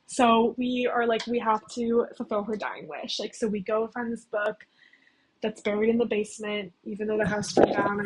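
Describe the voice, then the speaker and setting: A woman's voice: mid-range voice, slight background noise, rough recording. A young woman casually recapping a story plot, chatty and full of "like". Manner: chatty, heavy use of "like". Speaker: video essayist.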